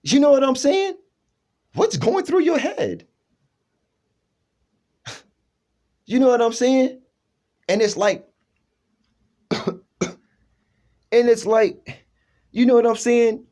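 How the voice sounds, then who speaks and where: A man's voice: very high-pitched, big pitch swings, slow, long pauses, warm tone. A man talking in a rambling personal monologue, emphatic, restarting often and checking in with his listener. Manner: emphatic, keeps asking "you know what I'm saying".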